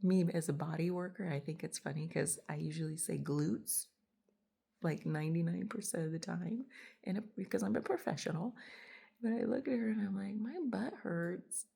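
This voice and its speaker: A woman in her late forties tells a casual, chatty story, laughing often and acting out what others said. Her voice is gravelly and warm, a little husky and pitched fairly low. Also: brisk. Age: 40s. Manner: chatty, laughs often, acts out quoted lines. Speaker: body worker and podcast host.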